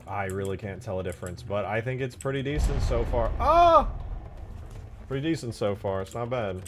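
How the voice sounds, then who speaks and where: An American man streaming casually as he works on a game mod, muttering to himself and joking with his chat. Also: low-pitched. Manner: joking, mutters to himself, sudden excited yelps. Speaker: modding streamer. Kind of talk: casual live-stream commentary while working.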